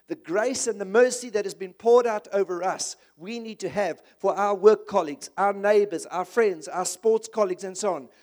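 A man's voice: high voice, a little mellow. A man, preaching a sermon in an impassioned, conversational way with emphatic repetition.

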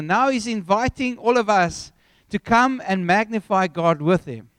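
A man preaching a sermon, telling a story with animated, acted-out scenes. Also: sits high, normal speed, clear, resonant tone, no echo.

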